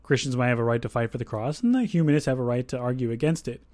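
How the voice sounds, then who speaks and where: A man's voice: mid-range voice, fast talker, dark tone, dry recording. A man hosting a faith podcast, talking casually and thinking aloud with asides and restarts. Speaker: podcast host.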